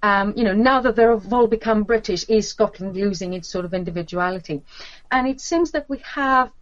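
A woman giving a lecture on literature and folklore, talking with many fillers, restarts and pauses. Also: medium pitch, dry recording, dull audio.

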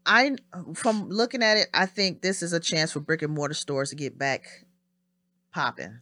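Bright, dry-sounding hesitant co-host. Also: mid-range voice, normal speed, no room sound. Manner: hesitant, restarts, fills with "you know". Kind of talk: casual chat.

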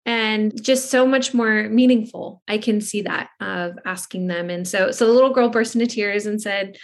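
Woman podcast host telling a work story, casual, trails off soft at the end of her thoughts. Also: mid-range voice, moderate pace.

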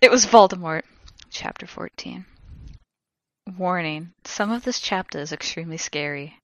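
A woman co-hosting a comedy podcast, reading fan fiction aloud in a theatrical way and shouting out the characters' lines. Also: fairly low pitch, normal speed, dry recording. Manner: reads with big theatrical shouts for the characters, breaks into laughter.

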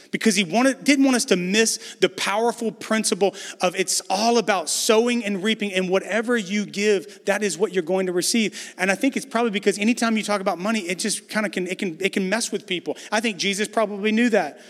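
A man's voice: sits high, long reverb tail. A man preaching a conversational sermon as pastor, building emphasis through repetition.

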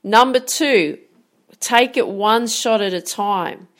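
A woman's voice: fairly high pitch, takes it slowly, a bit bright. A woman giving a motivational coaching talk about handling nerves, direct and emphatic, often asking rhetorical questions. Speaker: sports mindset coach.

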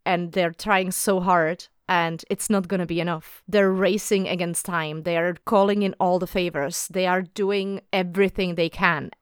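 Expressive woman co-host, dry close sound. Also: fairly low pitch, normal speed, few pauses, smooth, dry recording. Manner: expressive, exasperated, argumentative. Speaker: podcast co-host. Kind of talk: casual TV episode review chat.

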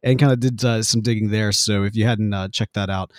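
A man's voice: fairly low pitch, steady tone, a little fast, dry recording, studio quality. A man hosting a casual podcast, asking questions and teasing his co-host. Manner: playful, teasing, lots of fillers.

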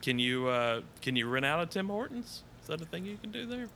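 A man's voice: on the high side, very animated, fairly quick, vocal fry, sharp tone, slight background noise. A man hosting a podcast, chatting casually and teasing his guest with frequent laughs. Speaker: podcast host. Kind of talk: casual joking chat.

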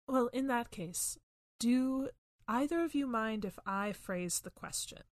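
A woman at a tabletop game describes things in a chatty, meandering way, full of fillers. Her voice has a middle pitch, and the recording is dry and close. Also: animated, measured pace, no echo. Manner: chatty, searching for words, many fillers. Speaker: player. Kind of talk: casual tabletop play.

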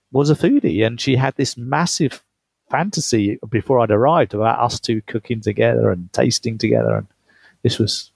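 A man with a gravelly, husky, darkish voice of medium pitch guests on an interview about his book. He spins chatty travel tales, laughing frequently and restarting mid-phrase. The recording has no echo.

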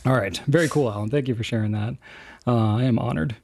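Homem brincalhão lendo comentários. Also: male voice, mid-range voice, fast talker, vocal fry, a little mellow. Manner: jokey, self-deprecating, laughs often. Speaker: co-host. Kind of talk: casual chat reading viewer comments.

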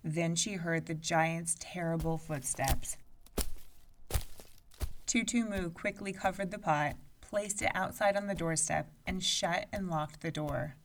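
A woman narrating a storybook aloud in an expressive, measured way. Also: lowish voice, far from the mic, slight background noise.

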